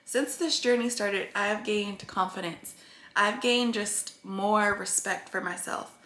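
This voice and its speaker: At a measured pace, a woman with a sharp, mid-range voice tells her viewers about losing weight, the sound reverberant around her. She comes across as earnest and rambling, sometimes in tears.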